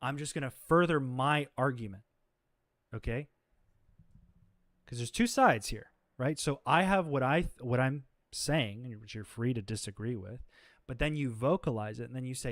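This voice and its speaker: A man's voice: mid-range voice, animated, moderate pace, no room sound, studio quality. A man hosting a livestream, talking off the cuff in an exasperated, confrontational way, saying he is exhausted, with lots of fillers and restarts. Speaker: livestream host. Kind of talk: unscripted livestream rant.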